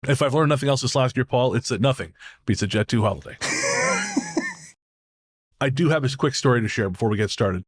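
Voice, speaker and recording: Male podcast co-host from Canada, mid-range voice, relaxed storyteller with a laugh and a curse. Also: mid-range voice, fast. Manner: storytelling, laughs often, swears casually. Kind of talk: casual chat.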